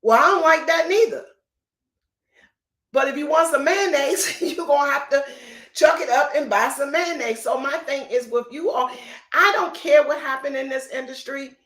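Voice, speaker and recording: A woman's voice: sits high, moderate pace, a bit bright. A middle-aged woman real estate coach giving an emphatic, preachy motivational talk on a live stream. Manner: emphatic, repetitive, preachy, folksy. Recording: echoey room.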